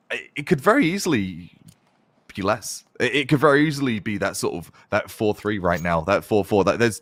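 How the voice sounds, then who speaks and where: A man casting a competitive shooter match, with excitable play-by-play and playful quips. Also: medium pitch, dry recording. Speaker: esports caster. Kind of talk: play-by-play commentary.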